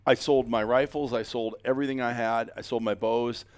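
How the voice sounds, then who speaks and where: A man's voice: mid-range voice, steady tone, fairly quick, clear, resonant tone, no echo. A middle-aged man hosting a casual podcast chat, rambling and joking with many fillers and restarts. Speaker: podcast host.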